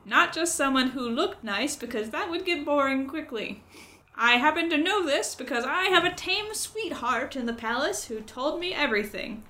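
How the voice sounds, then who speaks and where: A woman's voice: high voice, animated, moderate pace, pushed and bright, pitched above the performer's own voice. A woman doing a chatty storybook crow. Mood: gossipy. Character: chatty, helpful male crow.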